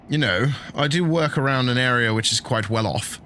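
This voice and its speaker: A middle-aged man talks casually over a game, rambling, joking and laughing at his own stories. His pitch sits in an everyday middle range. A faint hum of truck engine and game ambience runs underneath. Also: lively intonation, normal speed, sharp tone. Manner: chatty, jokey, laughs often, banters with chat. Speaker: streamer playing a truck game. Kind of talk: casual live-stream chat.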